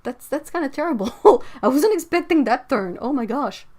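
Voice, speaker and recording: A woman's voice: sits high, lively intonation, moderate pace, a little mellow. Woman livestream host, casual and chatty, reads comments aloud while painting.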